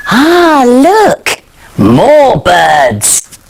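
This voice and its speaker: Slow, animated woman presenting for kids. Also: mid-range voice. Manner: bright and animated, pointing things out. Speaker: children's show presenter. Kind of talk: slow, sing-song talk to young children, with signing. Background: loud guitar music.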